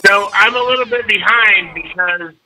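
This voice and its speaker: A man's voice: high-pitched, moderate pace, over music, rough recording. A man calling in on speakerphone, stoned and laid-back, drawling with lots of dude and man. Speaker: caller. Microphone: phone on speakerphone.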